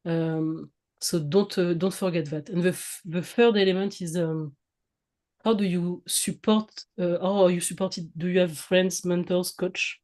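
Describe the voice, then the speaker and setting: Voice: medium pitch, steady tone, measured pace, a little mellow. A guest with a French accent giving advice over a video call, hesitant, with many fillers and restarts. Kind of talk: casual advice in a video interview.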